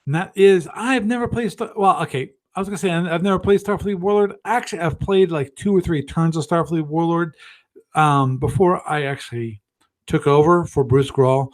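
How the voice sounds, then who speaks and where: A man's voice: fairly high pitch, moderate pace. Rambling, self-mocking man hosting a live stream. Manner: rambling, self-deprecating, thinks aloud with many restarts. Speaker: host of a gaming livestream. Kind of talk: casual live-stream commentary.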